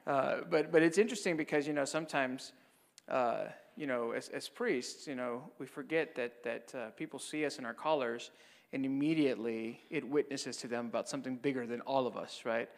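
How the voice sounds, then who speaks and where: Reverberant priest telling stories. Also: male voice, mid-range voice, fairly quick. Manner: conversational, frequent "right?" tags. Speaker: Catholic priest. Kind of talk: mission talk with storytelling.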